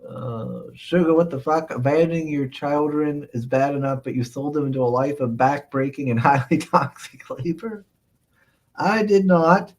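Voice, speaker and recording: A man's voice: mid-range voice, normal speed, hardly any pauses, darkish tone. A man hosting a casual live stream, reading chat aloud and rambling in reply with frequent chuckles. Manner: rambling, chuckling, lots of "uh, let's see" fillers.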